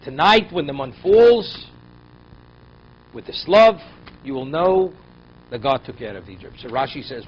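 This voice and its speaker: A man's voice: medium pitch, big pitch swings, unhurried, pauses often. A man teaching a Torah class as a rabbi, who reads verses and explains them in English with pointed rhetorical questions. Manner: voice rises and drops sharply for emphasis. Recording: dull lo-fi recording, faint noise.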